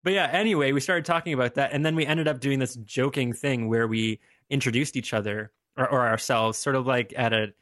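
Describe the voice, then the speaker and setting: A man's voice: mid-range voice, brisk, few pauses, fairly bright tone, no room sound, clean studio sound. A young man co-hosting a podcast, chatting casually and rambling through a story with frequent laughs. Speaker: podcast co-host. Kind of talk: casual chat.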